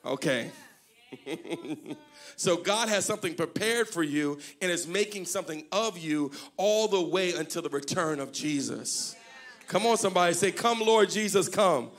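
A man's voice: high voice, lively intonation, unhurried, some chatter behind. A man preaching a sermon to his congregation, joking and calling for responses. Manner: call-and-response, joking, rising to shouts. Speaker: pastor. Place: church service before a congregation.

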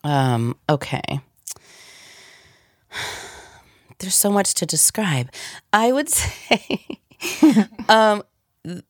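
Woman, low pitch, slightly congested from a cold, lively storyteller, dry close sound. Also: extremely slow, long pauses, no room sound. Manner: animated storyteller, laughs often. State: has a cold. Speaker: voice actor guest. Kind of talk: casual interview chat.

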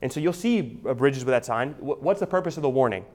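A man delivers an expository sermon at a middle pitch. He teaches conversationally, restarting phrases and checking in with his listeners. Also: lively intonation, fast, darkish tone. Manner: conversational teaching, frequent restarts, asks "right?". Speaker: pastor.

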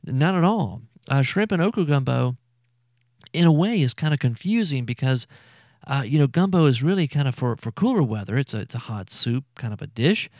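A man's voice: mid-range voice, lively intonation, normal speed, a little mellow, dry recording, studio quality. A man hosting a food podcast, chatting casually with frequent fillers and repeated words. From Louisiana. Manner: chatty, repeats himself, lots of fillers and stammers.

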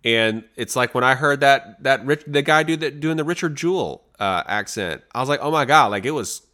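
Man, podcast co-host, casual chat, lively swooping pitch, excitable. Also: normal speed. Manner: animated, excitable, frequent restarts.

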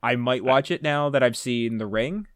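Man, movie podcast co-host, dry close sound, measured, analytical. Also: mid-range voice, no echo. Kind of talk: casual movie-review chat.

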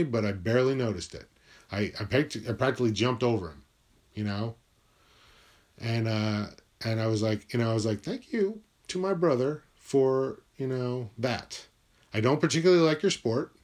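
A man telling a personal story from his school days in a wry, profane, animated way. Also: mid-range voice.

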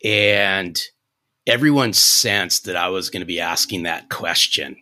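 Low-voiced guy in his 50s on a podcast, animated folksy storytelling, forceful tone. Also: measured pace. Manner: animated, restarts sentences, folksy. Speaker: podcast guest, sales coach.

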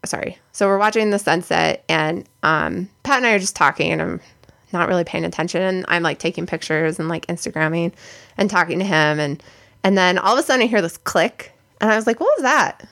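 A woman's voice: on the low side, a little fast, vocal fry, a bit bright. A young woman co-hosting a podcast, telling a story in casual chat, full of "like" fillers. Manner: chatty, many "like" fillers. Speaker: podcast co-host.

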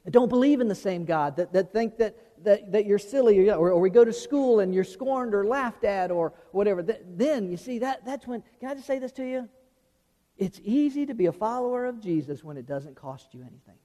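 A man's voice: sits high, animated, brisk, hardly any pauses, dark tone. A man preaching a sermon in a church, reading scripture and then talking in a folksy way with frequent restarts. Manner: folksy preaching with repeated restarts, acting out quoted voices. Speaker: pastor. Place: church sanctuary. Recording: long reverb of a large hall.

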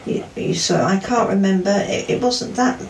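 Brief: older mother, gravelly texture, chatty and teasing, roomy echo. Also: mid-range voice, moderate pace, a little hiss or hum. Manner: teasing and fond, reminiscing. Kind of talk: casual chat.

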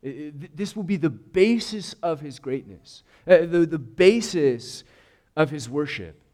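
Male pastor giving a sermon, emphatic and earnest, slow deliberate pace. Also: a little high, expressive, a little mellow. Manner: earnest, emphatic, with restarts and repeated words.

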